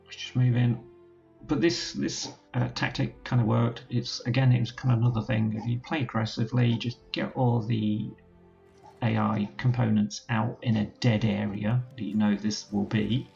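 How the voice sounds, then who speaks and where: A man's voice: mid-range voice, little pitch movement, normal speed, gravelly, a little mellow, dull audio, faint music behind. A man commentating a strategy game let's play, thinking aloud as he gives orders to his units. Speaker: gaming channel host.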